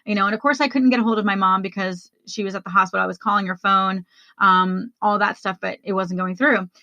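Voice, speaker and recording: A woman's voice: medium pitch, steady tone, fast talker, pushed and bright, no echo, lo-fi sound. A woman hosting a podcast, telling a personal story in a candid, conversational way and speaking straight to her listeners. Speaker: podcast host.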